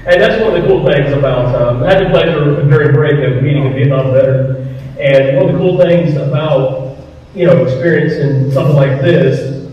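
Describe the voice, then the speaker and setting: A man's voice: on the high side, moderate pace. Southern guy telling stories to a crowd, sounds far off and muffled, faint hum behind. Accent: Southern American. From American South. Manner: earnest storyteller, acts out quoted voices. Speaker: retired firefighter speaker. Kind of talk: live talk to an audience. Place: firehouse hall. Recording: distant, echoey, dull hall recording.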